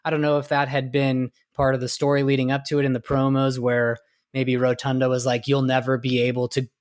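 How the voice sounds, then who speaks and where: A man's voice: mid-range voice, completely flat delivery, fairly quick. A man co-hosting a podcast, recounting things in a rambling casual way with lots of "like" and "you know". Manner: rambling, many fillers and restarts while recounting. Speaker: podcast co-host. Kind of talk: casual chat.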